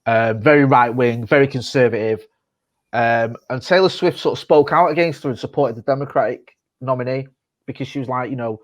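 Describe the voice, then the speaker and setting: A man in his thirties talks on a podcast in a mid-range voice. He swears freely and rambles, with lively bursts of storytelling. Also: mid-range voice, fairly quick. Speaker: podcast co-host. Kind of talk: casual chat.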